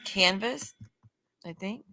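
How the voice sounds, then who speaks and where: A woman with a lilt talks casually to her livestream viewers, calling them y'all as she passes on spirit messages. Her voice is bright and clear, with faint music playing underneath. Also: mid-range voice, slow, big-room sound, poor audio. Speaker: paranormal livestream host.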